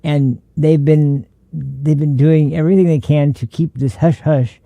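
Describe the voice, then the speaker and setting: A man's voice: fairly high pitch, steady tone, a little slow, gravelly, few pauses, no room sound, dull audio. A young adult man hosting a political commentary show, ranting sarcastically in a heated, rambling way.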